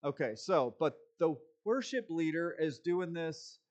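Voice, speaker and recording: Impassioned man with a higher voice. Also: lively intonation, measured pace, darkish tone. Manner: impassioned, sarcastic asides. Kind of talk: casual commentary.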